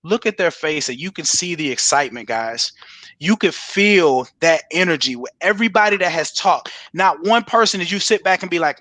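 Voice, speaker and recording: A man giving an energetic, preacher-like sales pitch over a video call. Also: normal speed, no room sound. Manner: fired up, preacher-like exhortation. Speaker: guest presenter.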